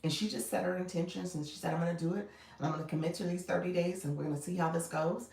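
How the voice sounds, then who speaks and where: A woman's voice: fairly low pitch, steady tone, fast talker, gravelly, a little mellow, roomy sound, far from the mic, a little hiss or hum, low-quality recording. A woman coach chatting casually on a livestream, greeting viewers by name and laughing often. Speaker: live coach.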